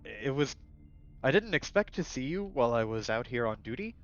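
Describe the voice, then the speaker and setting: Bashful stammering hulk of a guard , put on by a man, soft and hesitant, slightly dull lo-fi sound. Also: mid-range voice, sing-song, fairly quick. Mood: nervous. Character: nervous smitten male PMC guard, large.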